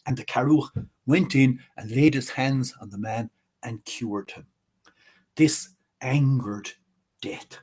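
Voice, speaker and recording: A man telling a folk tale in a measured way, slowing on key words. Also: medium pitch, a little mellow, husky. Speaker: storyteller.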